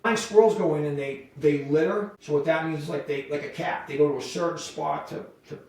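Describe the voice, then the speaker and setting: Brief: middle-aged guy, a bit high, spins profane yarns, recorded from a distance in an echoey room. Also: a little fast. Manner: rambling, profane, animated in quoted voices. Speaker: podcast guest, wildlife removal business owner. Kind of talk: casual storytelling.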